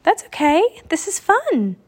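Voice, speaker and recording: A bold little girl, as a woman reader puts her on in a storybook, eager and bubbly, her voice pitched very high. She bursts with excitement and urges the others on. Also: drawn-out words, heavily acted. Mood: excited. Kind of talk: audiobook reading.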